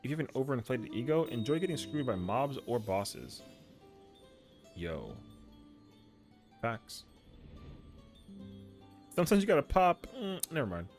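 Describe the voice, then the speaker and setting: Male streamer, lively up-and-down delivery, slangy, faint music behind. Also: medium pitch, measured pace, pauses often. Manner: slangy, animated, says yo and bro a lot. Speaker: game streamer. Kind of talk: casual stream chat.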